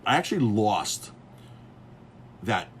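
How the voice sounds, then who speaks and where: Speaking slowly in a lowish voice, a chef who owns a restaurant rambles through casual stories about beer. He animatedly acts out what other people said, with plenty of fillers and restarts along the way.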